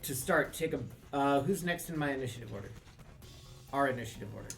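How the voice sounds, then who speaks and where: A man playing a tabletop game live, hesitant with many fillers but excitable about his character. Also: medium pitch, quick pace, distant mic, faint music behind. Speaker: player. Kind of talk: casual live-play chat.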